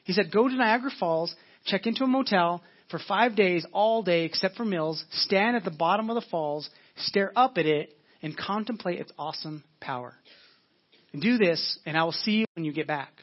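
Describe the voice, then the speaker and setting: High-voiced male preacher, slow and earnest. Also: dull audio. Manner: earnest, repeats phrases for emphasis, slows down for scripture. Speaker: pastor. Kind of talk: sermon.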